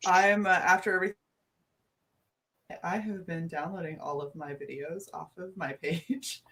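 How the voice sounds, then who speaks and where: A woman joining a livestream over a video call, chatting in an animated way, laughing often and swearing casually. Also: on the low side, normal speed, slightly rough. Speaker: streamer guest.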